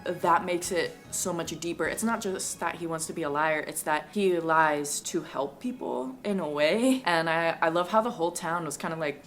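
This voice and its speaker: A woman's voice: low-pitched, normal speed, hardly any pauses, soft background music. A woman in a casual vlog chat reacting to a manga, gushing and rambling with lots of "like".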